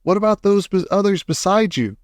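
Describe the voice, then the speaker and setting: Man voicing a scared police chief, high and anxious, dry close mic. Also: expressive, normal speed, darkish tone, dry recording, close to an everyday voice. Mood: worried. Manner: anxious, shrill, fearful. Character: nervous, gloomy police chief, grown man.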